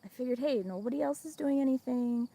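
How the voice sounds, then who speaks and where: A chatty woman with a Midwestern accent hosts a casual livestream while walking her farm, laughing easily and talking to her animals. Her voice has a gravelly, fry-laced edge. Insects and crickets chirp outside around her. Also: high voice, brisk, dark tone. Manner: chatty, laughs often, talks to chat and animals. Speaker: livestream host. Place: outdoors on a farm.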